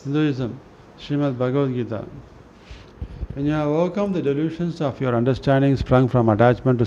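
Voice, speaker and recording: A man reading spiritual scripture aloud in a slow, halting way, often restarting words and clearing his throat. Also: mid-range voice, dark tone. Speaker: reader of a spiritual newsletter. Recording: dull lo-fi recording with faint noise.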